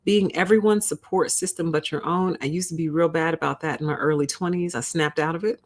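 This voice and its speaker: A young adult woman with a low voice chats casually on her livestream. She is blunt and candid, laughs often, and acts out her own quotes. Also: steady tone, a little fast. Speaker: livestream host.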